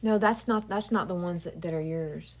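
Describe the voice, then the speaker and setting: A woman leading a spiritual healing session, moving between hushed whispering and lively chat. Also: lowish voice, normal speed. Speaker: Reiki healer.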